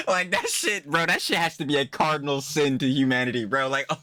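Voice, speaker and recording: Lively high-voiced man ranting and laughing. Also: fairly quick, dry recording. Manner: excitable, laughing, heavy slang and cursing. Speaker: reaction streamer. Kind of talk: profane comedic reaction commentary.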